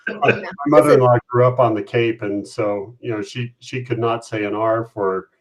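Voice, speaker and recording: A man's voice: medium pitch, steady tone, moderate pace, noisy background. A man co-hosting a casual chat, making brief, chuckling remarks. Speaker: co-host.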